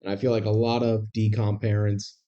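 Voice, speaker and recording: A man's voice: fairly low pitch, little pitch movement, a little fast, dark tone. A young man co-hosting a podcast, talking over movie logic in a wry, rambling, analytical way. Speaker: podcast co-host. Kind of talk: casual movie discussion. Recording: dull lo-fi sound.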